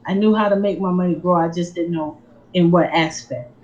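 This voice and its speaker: A woman giving a sermon-style personal testimony, telling her story in an animated, emphatic way. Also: fairly low pitch, a little fast, dull audio. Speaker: speaker on faith and finances.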